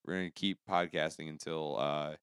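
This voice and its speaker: A man's voice: very deep voice, fairly even intonation, moderate pace, fairly bright tone, clear, resonant tone, dry recording, clean studio sound. A man co-hosting a podcast, chatting casually late at night in a rambling, laid-back way with easy swearing, into a microphone at a home setup. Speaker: podcast co-host.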